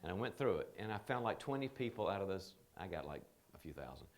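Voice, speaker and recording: Lively low-voiced male seminar trainer. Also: quick pace. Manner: animated storytelling, acting out quoted people. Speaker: leadership trainer. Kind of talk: seminar talk.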